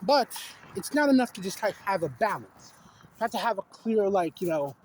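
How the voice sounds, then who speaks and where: A man with a notably high voice rambles through a casual film rant, restarting sentences and piling on fillers as he gets exasperated. It sounds recorded on a phone camera at home, with a faint noise underneath. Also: very animated, normal speed, rough recording. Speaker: video essayist.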